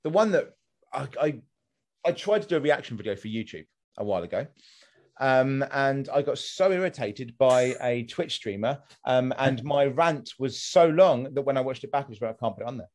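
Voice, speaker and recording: A man, a streamer guest in a casual podcast conversation, talking in an animated way, swearing freely and restarting his sentences. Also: mid-range voice, normal speed.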